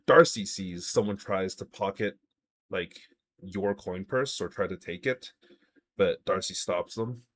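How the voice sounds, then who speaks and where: This is a man running a tabletop game, narrating the scene and calling for rolls. His voice sits very low and has a husky edge. He talks loosely, stopping often on likes and uhs as he pictures the scene. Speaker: game master.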